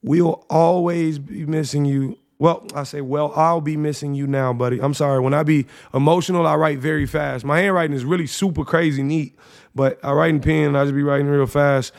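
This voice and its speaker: A man's voice: a little high, fairly even intonation, normal speed, creaky. A young man in his twenties, a podcast host, casually and emotionally reading his own journal entries aloud in a slangy, reflective way.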